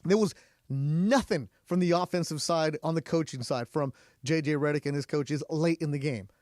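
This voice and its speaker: A man hosting a sports radio show in a studio, talking in an animated, rhetorical and punchy way. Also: fairly high pitch, moderate pace, no echo. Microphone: studio microphone.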